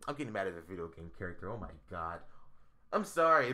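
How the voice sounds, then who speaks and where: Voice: sits low, very animated, fast talker, pushed and bright. A game streamer reacting live, exasperated and arguing back at the game. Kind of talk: live gameplay commentary.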